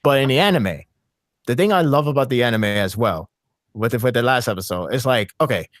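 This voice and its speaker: A man chatting on a podcast in a voice of middling pitch, recorded dry and close with no room sound. He rambles eagerly, stumbling through restarts and fillers as his excitement builds. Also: a little fast, no echo. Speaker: podcast co-host. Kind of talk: casual podcast discussion.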